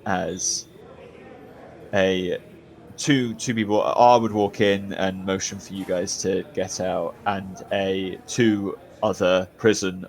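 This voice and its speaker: Low-voiced male dungeon master narrating. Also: takes it slowly. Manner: relaxed descriptive narration with restarts. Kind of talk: narrating a tabletop game.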